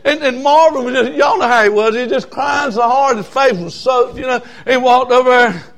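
A man preaching a storytelling sermon, dropping to hushed asides and rising to shouted hollers. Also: very high-pitched, moderate pace.

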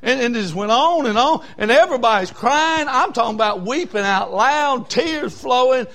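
A man, a preacher telling a folksy story in a sermon that builds from quiet asides to shouting. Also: very high voice, expressive, moderate pace.

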